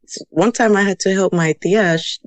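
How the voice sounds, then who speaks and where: A woman's voice: mid-range voice, moderate pace, no room sound. Chatty woman in her thirties, dry close sound. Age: 30s. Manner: chatty, mixes in Spanish words, frequent "you know". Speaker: podcast guest. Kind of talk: casual storytelling interview.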